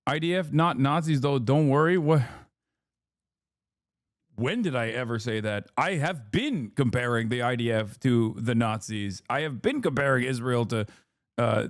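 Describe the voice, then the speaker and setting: A man's voice: mid-range voice, lively intonation, moderate pace, dry recording, clean studio sound. A male streamer giving heated, profane reaction commentary full of rhetorical questions. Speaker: streamer host.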